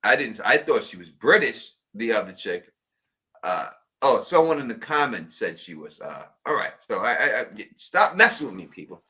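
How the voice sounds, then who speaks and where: A man co-hosting a casual livestream, excitable and prone to stumbling restarts while reading comments. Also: mid-range voice, normal speed. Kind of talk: casual call-in livestream chat.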